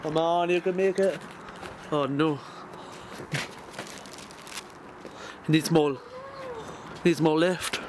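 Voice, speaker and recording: A young man from the UK talks to his viewers in a loose, jokey vlog voice, pitched a little high. He records outdoors at night, and loud traffic and street noise fill the background. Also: steady tone, slow, pauses often. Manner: chatty, jokey, talking to viewers. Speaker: vlogger. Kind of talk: casual vlog narration.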